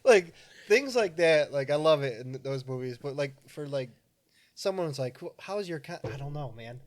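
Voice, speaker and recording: A man's voice: on the high side, expressive, normal speed. A man in his thirties co-hosting a casual podcast chat, laid-back, swearing casually and laughing often. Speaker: podcast co-host.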